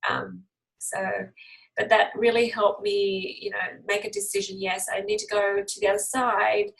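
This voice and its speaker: Rambling woman with a gravelly voice. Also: mid-range voice, moderate pace, rough recording. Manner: rambling, many fillers and restarts, animated quoted voices. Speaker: natural health practitioner. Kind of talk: casual storytelling to camera.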